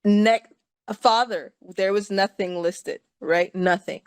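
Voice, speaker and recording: A woman's voice: medium pitch, steady tone, takes it slowly, smooth, no room sound. A woman telling a personal story to her listeners, chatty and laughing often and checking in with them. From California.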